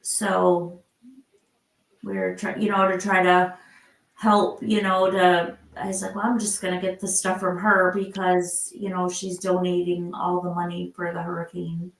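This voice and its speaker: A woman's voice: on the low side, flat delivery, a little slow, roomy sound, low-quality recording. An older woman from Michigan hosting a casual live chat, rambling with lots of fillers and restarts. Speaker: live stream host.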